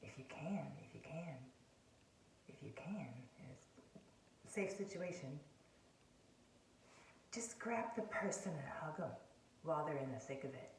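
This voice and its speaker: A woman's voice: low voice, lively intonation, moderate pace, a little hiss or hum. A woman giving casual advice, rambling and repeating herself, often dropping to a whisper. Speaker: self-help video host. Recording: roomy sound, distant from the mic, faint ambience.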